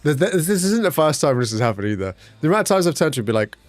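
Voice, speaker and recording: A man's voice: rapid-fire, no echo, faint music behind. Chatty man streaming. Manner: chatty and animated, swears, jumps up in pitch for quoted lines. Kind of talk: casual livestream chat with chat.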